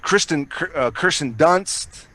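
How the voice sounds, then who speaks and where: A man's voice: fairly high pitch, expressive, slow pace, bright, forceful tone. Rambling, swearing podcast guy. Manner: rambling, swears a lot, many restarts. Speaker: podcast co-host. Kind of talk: casual chat.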